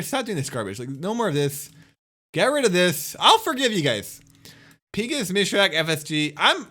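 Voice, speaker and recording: A man's voice: mid-range voice, a bit bright. A young man, a YouTuber, ranting to his viewers in an exasperated, scolding way that keeps repeating itself. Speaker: YouTuber and streamer.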